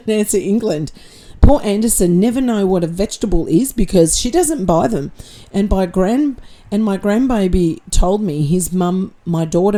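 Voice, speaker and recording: An Australian woman with a warm, low-ish voice hosts her channel and reads viewer comments from the chat. She answers them bluntly, with sarcasm and swearing.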